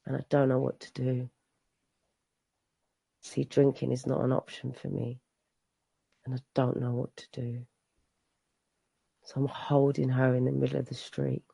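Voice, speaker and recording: A woman's voice: rumbling low, completely flat delivery, a little slow, creaky, long pauses, mellow, slightly rough, dry recording. A woman, a mother, sharing her personal recovery story at a meeting, telling it with emotion, repeating herself and restarting often. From England. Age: adult. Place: meeting room.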